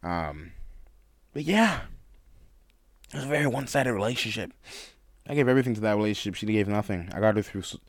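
Deep-voiced young man telling a story. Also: expressive, no room sound, studio quality. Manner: candid, laughs often, halting restarts. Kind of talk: casual storytelling monologue.

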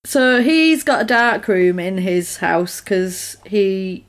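Woman, casual podcast chat, lively retelling, mid pitch. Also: slow. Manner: chatty, animated, acts out characters' lines. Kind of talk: casual chat, recapping a film.

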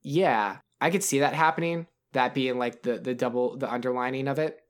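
A man's voice: medium pitch, moderate pace. A man co-hosting a podcast, chatting casually about films, rambling with many restarts and fillers. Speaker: podcast co-host.

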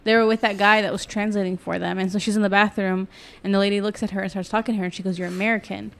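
A woman talks over a film with her partner, teasing him and chatting freely, often restarting her sentences. Her voice sits at a middle pitch for a woman. It is a loose, casual podcast talk. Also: little pitch movement, racing, a bit bright, clean tone. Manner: teasing and talkative, with many restarts. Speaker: podcast co-host. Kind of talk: casual movie review chat.

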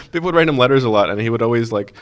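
A man co-hosting a casual podcast, talking in quick, animated rambles with lots of "like". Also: mid-range voice. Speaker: podcast co-host, magazine writer. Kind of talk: casual chat.

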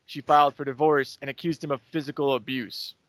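A man's voice: mid-range voice, little pitch movement, brisk. A young man co-hosting a podcast, recapping events in loose, profane casual chat. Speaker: podcast co-host.

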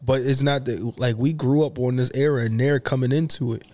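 A man in his thirties or forties co-hosts a casual podcast with friends. His voice sits in an ordinary middle pitch, and he talks in a loose, slangy way, drifting through stories and laughing between lines. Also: steady tone, a little fast, mellow, dry recording. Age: 30s to 40s. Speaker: podcast co-host. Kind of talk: casual chat.

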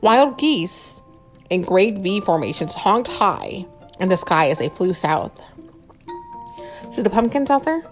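A woman's voice: mid-range voice, sing-song, takes it slowly, long pauses, faint music behind. A woman reading a storybook aloud to children and asking them questions between pages. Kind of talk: bedtime-style storybook reading with chat.

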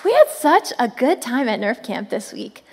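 A high-voiced woman in her thirties preaching to families. She swings between bright, lively calls to the crowd and softer, slower lines. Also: vocal fry, a little hiss or hum. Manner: animated, frequent "come on" calls to the crowd. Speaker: children's ministry speaker. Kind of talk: sermon to families.

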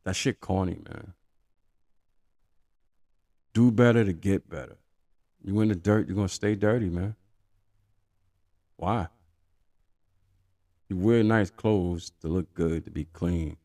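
A man's voice: low-pitched, takes it slowly, long pauses, mellow. A middle-aged man hosting a podcast, giving blunt, profane opinions in casual street talk. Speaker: podcast host.

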